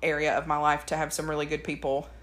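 A woman's voice: low voice, level tone, fast talker, fairly bright tone. Woman, podcast co-host, casual storyteller. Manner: chatty storyteller, laughs often. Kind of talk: casual chat.

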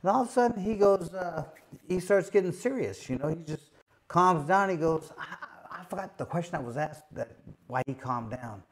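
A man's voice: fairly high pitch, expressive, normal speed. A man, a former boxing champion, telling a long casual story, full of "you know" and repeated "he goes". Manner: rambling, many fillers and repeated "he goes".

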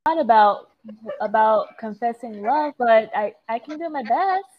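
A woman's voice: fairly high pitch, lively intonation, measured pace. A friendly teenage girl gives hesitant advice, as a woman voices her in a fan role-play. She trails off and second-guesses herself. The sound is dull and lo-fi. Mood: earnest.

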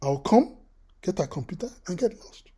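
A man preaching a sermon, telling a personal story in an animated way, often repeating his words. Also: high-pitched, moderate pace, breathy edge. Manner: animated, repeats words, acts out quoted voices.

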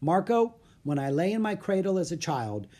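The storybook reader voicing a warm, talkative old genius who speaks in a gracious, stately way. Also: medium pitch, sing-song, moderate pace, voice pushed up.

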